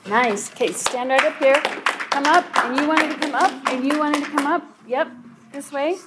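A woman teacher running a class poetry reading, brisk and encouraging with quick praise. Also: high-pitched. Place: classroom, indoors. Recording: echoey classroom, background noise.

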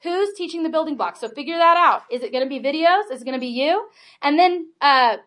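A woman in her forties with a high, fairly bright, expressive voice talks a little fast as a homeschool presenter at a live workshop. She's chatty, filling her sentences with "like" and checking in with "right?" and "okay?"

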